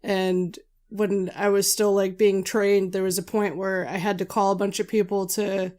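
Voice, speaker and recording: A woman's voice: mid-range voice, level tone, moderate pace, darkish tone. A woman in middle voice chats on a podcast. She tells self-mocking stories with easy, casual swearing. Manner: chatty storyteller, self-mocking. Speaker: podcast co-host. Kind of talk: casual chat.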